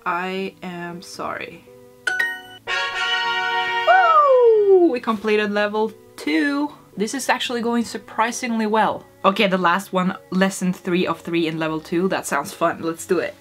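A woman's voice: mid-range voice, steady tone, moderate pace, hardly any pauses, faint music behind. A woman vlogging casually as she tries to learn Spanish, playful and self-mocking, swearing when she gets frustrated.

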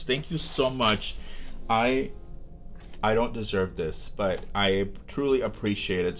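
A young man hosting a casual unboxing vlog, talking in an excitable, gushing way with lots of ums and restarts. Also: fairly low pitch. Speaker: vlogger.

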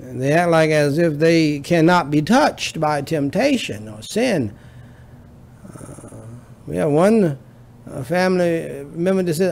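Pastor, male, gravelly, slow deliberate sermon delivery with repeated punchlines, a bit high-pitched. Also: expressive, darkish tone. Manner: preaching with rising emphasis and repetition.

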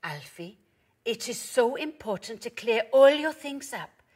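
Woman voicing a bright know-it-all female dog. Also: a little high, animated, unhurried, slightly rough, voice pushed up. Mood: explaining. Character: eager bossy female dog, knows everything.

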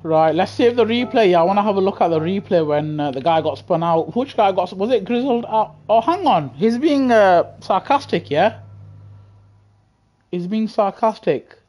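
Man, British accent, young adult, excitable, chatty, live gameplay commentary, headset mic. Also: sits high, moderate pace. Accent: British English. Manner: chatty, excitable, talks to chat. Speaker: gaming livestreamer. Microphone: gaming headset.

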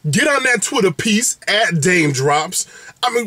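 Casting: upbeat male food vlogger, high voice, dry close sound, playful and animated. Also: fairly quick, no echo. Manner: exuberant, playful, big swings in pitch and catchphrases. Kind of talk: animated direct-to-camera vlog update.

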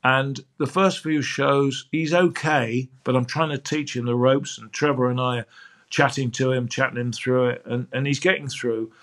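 A man's voice: mid-range voice, moderate pace. An older man, a sports broadcaster, telling anecdotes as a guest on a podcast interview. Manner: lively, acts out quoted dialogue.

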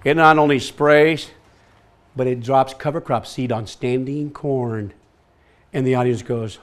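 A man presenting a farming workshop to a live audience, energetic and quizzing the listeners as he talks. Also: mid-range voice, measured pace, a little hiss or hum. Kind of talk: lively workshop talk.

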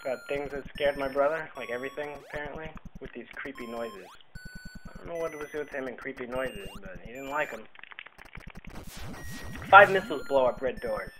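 A man's voice: mid-range voice, sharp tone, poor audio. A young man casually commenting on his own gameplay, rambling and joking at himself. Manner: rambling, self-mocking, jokey asides. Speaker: let's play host. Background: game music.

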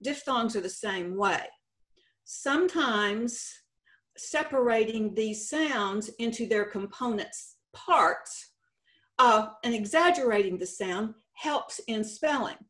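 A woman presents a spelling lesson over her slides, talking slowly and with care. She spells out letters one by one. Her voice sits a little high. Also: lively intonation, fairly bright tone. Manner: slow, deliberate, spelling out letters. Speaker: state contest director. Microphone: presentation recording.

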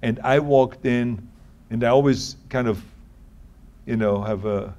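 A man with a German accent telling stories in an interview, talking quickly and often restarting his sentences. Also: medium pitch, darkish tone. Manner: tumbling words, frequent restarts. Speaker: interview guest. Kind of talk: anecdotal interview answers.

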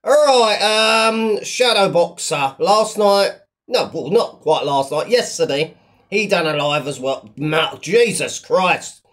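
A man's voice: a little high, lively intonation, takes it slowly. A man runs a mocking commentary in a loose, rambling way. He stacks up fillers and restarts, and his tone stays sneering and dismissive throughout. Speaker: online commentator.

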